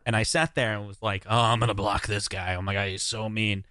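A man, a guest on a podcast, chatting casually and telling animated stories that act out what others said. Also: fairly low pitch, fairly quick, no echo. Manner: animated storyteller, acts out quoted comments. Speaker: guest, YouTuber. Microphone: remote recording mic.

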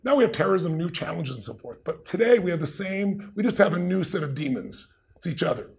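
Gravelly fast-talking man telling stories. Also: high voice. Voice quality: gravelly and raspy. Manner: emphatic, swings into loud excited retellings. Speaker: guest. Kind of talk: animated storytelling in conversation.

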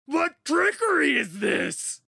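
A man voicing a hideous ancient male troll who gloats, taunts and cheats, with a gravelly, squawking voice. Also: sing-song, slow, bright, forceful tone, no room sound, raised voice, clean studio sound, full character voice. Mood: gloating. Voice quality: gravelly, raspy, high and squawking.

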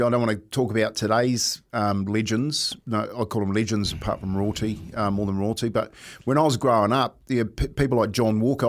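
A man, a sports pundit on radio, recalling sporting heroes of his youth. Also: mid-range voice. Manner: reflective, storytelling.

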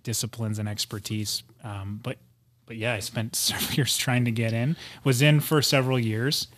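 A man's voice: mid-range voice, fairly even intonation, normal speed, fairly bright tone, no room sound. A man from the United States, a guest on a studio podcast, telling stories in casual chat with lots of restarts. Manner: rambling storyteller with many restarts.

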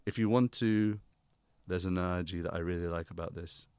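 A young man, a guest speaking calmly and teacherly about spiritual ideas. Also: sits low, brisk, clear, resonant tone, no echo. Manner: calm, teacherly, uses analogies. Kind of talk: reflective conversation.

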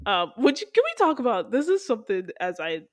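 A young woman hosting a casual podcast chat, laughing often and telling things in an animated way. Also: a little high, a little fast, no room sound, studio quality. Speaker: podcast host.

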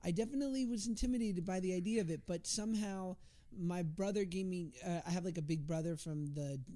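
Male podcast host, thirties, slightly high pitch; loose, rambling, self-mocking chatter. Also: fast talker, warm tone. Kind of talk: casual chat.

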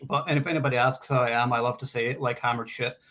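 A man's voice: medium pitch, level tone, fast talker, a bit bright, muffled recording. A man in a casual movie discussion, easygoing with frequent fillers. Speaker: podcast panelist.

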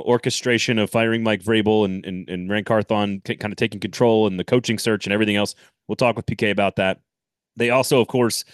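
A man co-hosting a casual sports podcast, animated and rambling, often laughing and restarting. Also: lowish voice, dry recording, clean studio sound. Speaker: podcast co-host.

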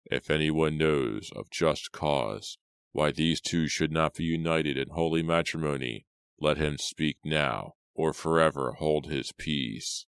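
A man voicing a solemn village minister in an audiobook, speaking slowly and gravely. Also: a bass voice, fairly bright tone, no room sound, full character voice. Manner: slow and solemn.

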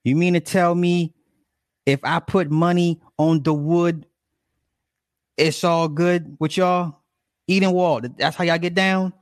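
A man's voice: on the high side, steady tone, takes it slowly, pauses often, no room sound, clean studio sound. A man giving profane, mocking reaction commentary, stretching words out for emphasis.

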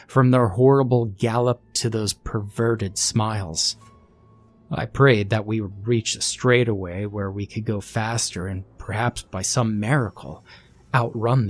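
A man reading a first-person creepypasta horror story aloud in a slow, hushed, somber narration. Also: lowish voice, dry recording.

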